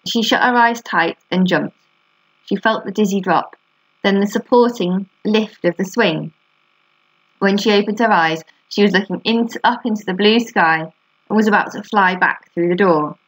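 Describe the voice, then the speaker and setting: A woman teacher reading a children's novel aloud to her class in a steady, clear voice, then setting the class questions. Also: medium pitch, normal speed, no room sound, rough recording.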